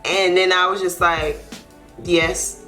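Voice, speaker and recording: Young woman, lowish voice, earnest, heartfelt storytime, casual fillers. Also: steady tone, takes it slowly, bright, forceful tone, soft background music. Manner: earnest, heartfelt, loose with fillers like "like" and "you know". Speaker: YouTube co-host. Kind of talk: emotional storytime.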